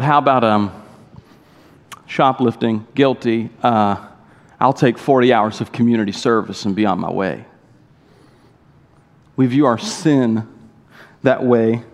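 A male pastor delivering an emphatic sermon, firing off rhetorical questions and quick asides. His voice sits at an ordinary middle pitch for a man. It carries a long hall reverb from a church sanctuary.

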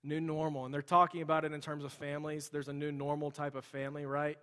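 A man's voice: a little high, flat delivery, quick pace, a bit bright, smooth. A young adult man, a pastor, preaching a sermon in a conversational way with casual asides, in a large church sanctuary. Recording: long hall reverb.

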